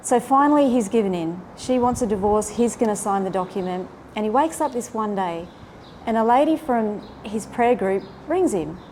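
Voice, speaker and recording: A woman earnestly retelling a faith story and reflecting on its meaning, with an animated, heartfelt delivery. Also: mid-range voice, normal speed, a little hiss or hum. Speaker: faith speaker.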